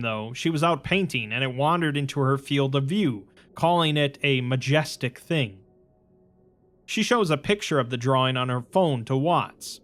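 A man's voice: medium pitch, a bit bright. A man giving a scripted, matter-of-fact narration that retells a story.

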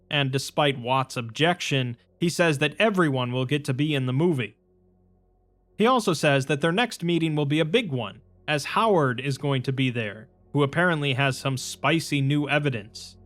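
A man's voice: fairly high pitch, fairly bright tone. A man giving a scripted, matter-of-fact narration that retells a story.

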